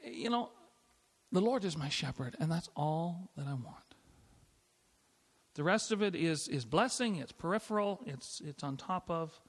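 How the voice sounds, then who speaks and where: A middle-aged man preaching in a church sanctuary, his slightly high voice ringing with a long hall reverb. He talks in an easygoing, conversational way, restarting phrases and laughing lightly as he goes. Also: fairly bright tone. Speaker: pastor. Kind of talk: sermon.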